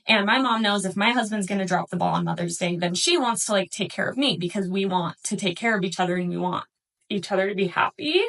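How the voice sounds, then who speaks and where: Brief: woman in her thirties, personal vlog, tearful and halting, mid-pitched voice. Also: creaky, fairly bright tone. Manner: upset, halting, many fillers. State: crying. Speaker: vlogger.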